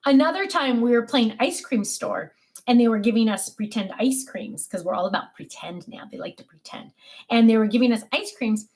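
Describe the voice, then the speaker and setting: An older woman with a slightly high voice chats in a relaxed, rambling way. She tells family stories in a casual tone, full of fillers and restarts. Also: moderate pace. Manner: chatty storytelling, many fillers and restarts. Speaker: craft vlogger. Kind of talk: casual chat.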